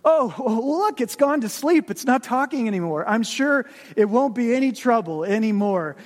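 Man doing a high, whiny scared ghost, long hall echo. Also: expressive, moderate pace. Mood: pleading. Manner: whiny, pleading, rising to panicked cries. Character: timid fearful male ghost, pleading and fretful. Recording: long reverb of a large hall.

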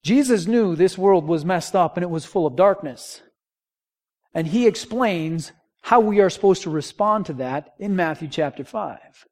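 Male pastor, slightly high voice; conversational sermon with call-and-response. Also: expressive, unhurried, a little mellow. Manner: conversational preaching with rhetorical questions and call-and-response.

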